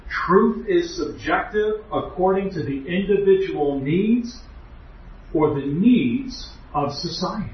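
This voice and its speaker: A man's voice: high voice, expressive, slow pace. Distant man preaching in an echoey chapel. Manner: earnest, emphatic teaching with rhetorical questions. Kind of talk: doctrinal lecture. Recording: echoey hall, distant, muffled.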